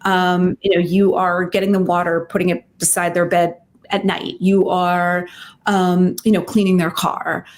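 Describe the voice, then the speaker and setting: Animated woman giving relationship advice. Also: fairly low pitch, measured pace. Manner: animated, uses many fillers and acted-out quotes. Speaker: psychotherapist and relationship expert guest. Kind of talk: conversational advice interview.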